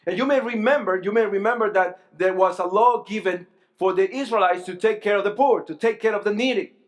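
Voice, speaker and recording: A man's voice: high voice, fairly quick. A middle-aged male pastor, preaching a sermon earnestly, repeating phrases and asking rhetorical questions.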